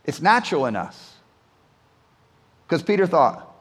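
High-voiced male pastor in an echoing hall. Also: normal speed. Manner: conversational, repeats words, asks the room "right?". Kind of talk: sermon. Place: church hall. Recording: long hall reverb.

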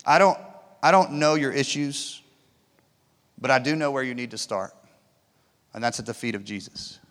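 Emphatic pastor in a reverberant hall. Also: male voice, medium pitch, moderate pace. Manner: emphatic, swings from loud to hushed. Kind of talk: sermon. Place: church auditorium.

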